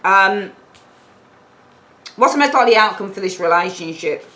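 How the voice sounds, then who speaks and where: A woman's voice: mid-range voice, animated, normal speed, fairly bright tone, low-quality recording. A woman giving a casual, chatty tarot reading, stressing points by repeating them. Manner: chatty, emphatic, repeats points, acts out little quoted exchanges. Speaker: tarot reader.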